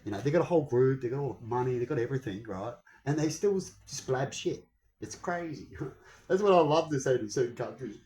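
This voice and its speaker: A man's voice: medium pitch, animated, fairly quick, a little mellow, poor audio. A young man ranting heatedly to his viewers in a casual vlog, swearing often. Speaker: vlogger.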